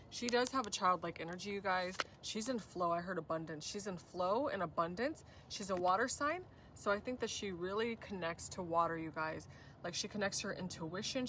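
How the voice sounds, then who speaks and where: A woman's voice: on the low side, bright, forceful tone, distant mic, a little hiss or hum. A woman giving a spiritual tarot reading, gushing and effusive, often addressing viewers as "you guys". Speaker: tarot reader.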